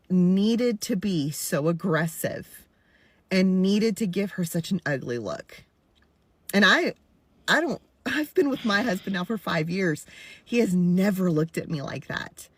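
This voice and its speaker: A woman's voice: lowish voice, dry recording. A woman in her forties speaking candidly and emphatically about her own experience, often repeating herself for stress. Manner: earnest, repetitive, emphatic. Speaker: content creator stitching a video. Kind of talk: candid personal commentary.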